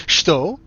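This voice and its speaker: Relaxed male game master. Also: highs cut off. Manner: relaxed, casual, with hesitant fillers. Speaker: dungeon master. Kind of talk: narrating a tabletop game.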